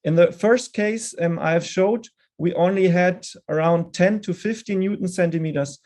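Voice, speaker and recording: A man presenting a dental implant lecture in a webinar, then answering questions, measured and often restarting his words. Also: sits high, darkish tone. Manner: measured, with frequent restarts and hesitations.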